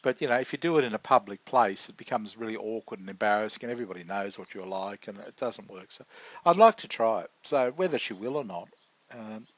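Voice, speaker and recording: A man rambling in a halting, confessional video diary, full of restarts. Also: fairly low pitch, expressive, dry recording. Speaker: vlogger. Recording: dull lo-fi dry recording.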